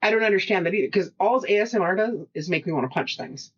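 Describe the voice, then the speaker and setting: A woman's voice: medium pitch, fast. A woman co-hosting a podcast in casual chat, rambling from topic to topic with frequent laughs and restarts. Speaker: podcast co-host. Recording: dull lo-fi podcast audio.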